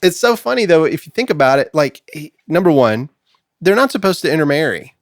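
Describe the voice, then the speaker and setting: A man's voice: fairly high pitch, big pitch swings, a little fast, heavy background noise. A man hosting a casual Bible discussion podcast, chatty and laughing often. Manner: chatty, laughs often, puts on a Southern drawl for jokes. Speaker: podcast host. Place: studio.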